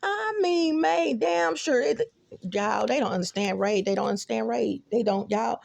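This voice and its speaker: Excitable Texan woman vlogging, gravelly. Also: medium pitch, moderate pace, dry recording. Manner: animated, excitable, talks to viewers as y'all. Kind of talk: rambling casual vlog. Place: apartment and stairwell, indoors. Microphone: phone camera held close.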